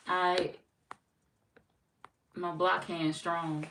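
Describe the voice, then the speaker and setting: A woman's voice: fairly low pitch, fairly even intonation, very slow, long pauses, fairly bright tone. Laid-back woman chatting far from the mic. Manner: laid-back, teasing, laughs often, slangy. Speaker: tarot livestream host. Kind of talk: casual livestream chat reading comments. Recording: roomy echo, off-mic, faint noise.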